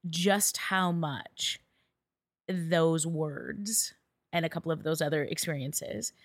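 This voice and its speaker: A woman hosting a podcast, asking long, rambling questions in a casual, animated way. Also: low voice, slow, no room sound. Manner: rambling, animated questions with restarts and mild swearing. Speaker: podcast host. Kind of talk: casual interview chat.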